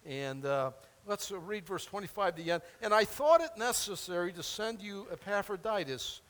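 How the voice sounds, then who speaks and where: A man preaching a sermon as pastor, animated and chatty, acting out biblical figures and laughing between points. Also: sits high, normal speed, big-room sound.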